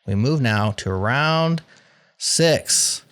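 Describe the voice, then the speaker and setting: A man's voice: medium pitch, expressive, drawn-out words, fairly bright tone, smooth. A man hosting a podcast game show, reading out survey results in a playful, wry way.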